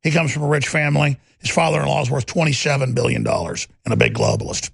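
A man's voice: mid-range voice, very animated, quick pace, a bit bright, no echo. A man delivering a combative, sarcastic political commentary monologue as a talk show host. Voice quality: gravelly.

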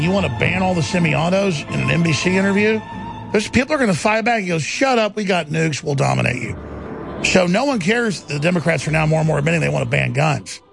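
A male talk show host in heated political talk, with a gravelly, raspy voice and rapid, insistent ranting. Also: fairly high pitch.

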